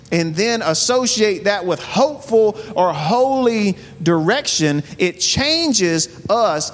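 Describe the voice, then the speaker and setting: A man's voice: high-pitched, in a large hall. A man preaching a sermon as pastor, earnest, asking his listeners one rhetorical question after another.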